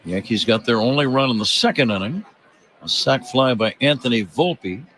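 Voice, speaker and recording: A man calling a baseball game on radio as play-by-play announcer, in a steady, genial, informative manner. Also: medium pitch, moderate pace, slight background noise.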